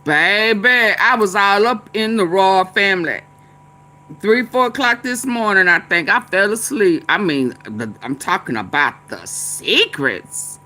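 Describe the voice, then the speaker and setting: A woman's voice: mid-range voice, animated, a little slow, bright, forceful tone. A woman vlogger giving casual, chatty political commentary, laughing often and chanting refrains.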